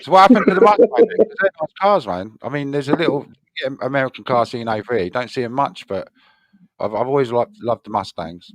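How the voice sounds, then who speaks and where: A man's voice: medium pitch, animated, fast talker. A man in a casual chat, laid-back, swearing casually and laughing along.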